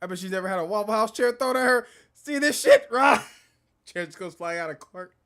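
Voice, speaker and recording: Loud, profane male streamer. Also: high-pitched, a little fast. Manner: loud, profane, animated trash talk. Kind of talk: casual gaming commentary.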